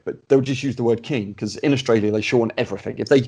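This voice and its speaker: Gravelly man hosting a chat. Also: medium pitch, fast. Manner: chatty, animated, with frequent restarts. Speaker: podcast host. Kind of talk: casual podcast chat.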